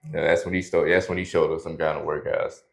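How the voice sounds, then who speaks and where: A podcast host, a man with a very low voice, chats casually with his guest. He reacts often with quick exclamations and slangy asides. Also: flat delivery, creaky, slight background noise. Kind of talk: casual chat.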